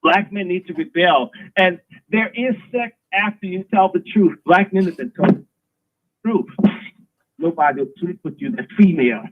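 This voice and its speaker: A man's voice: high-pitched, normal speed. A man hosting a live stream, delivering an emphatic, preachy, provocative monologue. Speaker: host. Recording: tinny phone-like line.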